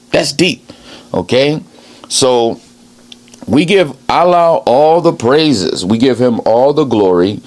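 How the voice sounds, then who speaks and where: A man's voice: mid-range voice, vocal fry, darkish tone. A man giving a rambling improvised sermon as a self-styled preacher, emphatic and repeating "okay?" after his points.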